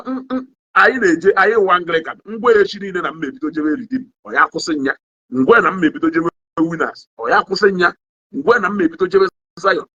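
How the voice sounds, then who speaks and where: Young nigerian igbo guy ranting to his live chat, kinda husky, higher voice, dull lo-fi sound. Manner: code-switching, repeats "you understand?"; animated, swings in pitch. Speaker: online commentator. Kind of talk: casual monologue to a livestream audience.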